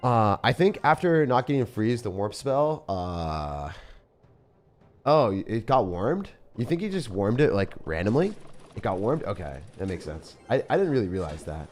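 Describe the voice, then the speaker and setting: Lively low-voiced man commentating gameplay. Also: normal speed. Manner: animated, excitable, talks to chat. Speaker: gaming streamer. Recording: faint music behind.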